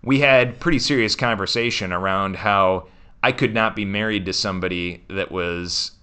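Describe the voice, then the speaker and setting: A man co-hosts a podcast in casual chat. His voice sits somewhat low, with a bright, forceful edge. He speaks earnestly and gives advice to listeners. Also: normal speed, clear, resonant tone. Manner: earnest, advising, cautious. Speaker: podcast co-host.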